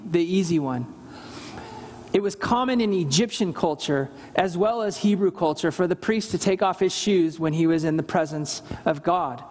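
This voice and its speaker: Pastor, male, high voice, earnest sermon, lively scripture quotes, reverberant church hall. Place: church service.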